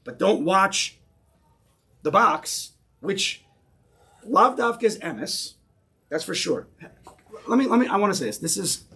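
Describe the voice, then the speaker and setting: A man with an American accent, a rabbi leading an interactive Torah class for a small group, animated and full of questions. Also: a little high, gravelly, slightly rough. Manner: animated, questioning, keeps pausing listeners. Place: synagogue room with a small group.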